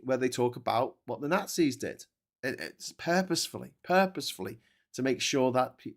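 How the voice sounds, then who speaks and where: A British man hosting a casual live stream, reading viewer comments aloud and wandering off on chatty tangents with frequent laughs and restarts. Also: medium pitch. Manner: chatty, digressive, laughs often, stammering restarts. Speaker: host.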